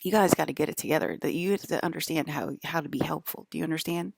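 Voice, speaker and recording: Low, gravelly woman rambling to viewers. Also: quick pace, darkish tone, dry recording, clean studio sound. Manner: rambling, restarts, drifts between topics. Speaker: broadcaster.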